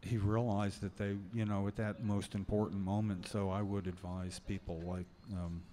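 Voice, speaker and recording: A man hosting a podcast, speaking haltingly with many fillers. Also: lowish voice, flat delivery, dark tone. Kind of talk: podcast conversation.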